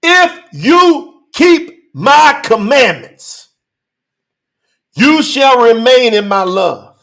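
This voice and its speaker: A man preaching a sermon, reading scripture verses and commenting on them with emphatic rhetorical questions and bursts of shouting. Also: very high-pitched, sing-song, drawn-out words, gravelly. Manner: breaks into shouting.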